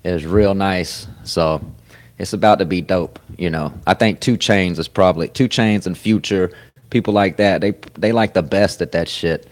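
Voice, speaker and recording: A man hosting a podcast in casual chat, rambling and profane, getting louder at times and laughing. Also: low voice, moderate pace. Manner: profane, rambling, swings loud with sudden laughs. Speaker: podcast host. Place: comedy club.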